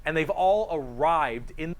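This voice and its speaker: Male narrator for an explainer video, earnest and steady, slightly high-pitched. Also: unhurried. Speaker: lore narrator.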